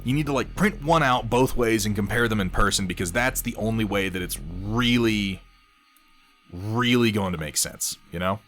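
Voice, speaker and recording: A man's voice: on the low side, moderate pace, fairly bright tone, faint music behind. A man chatting casually on a live stream while painting miniatures, rambling, reading viewers' messages aloud and swearing offhandedly.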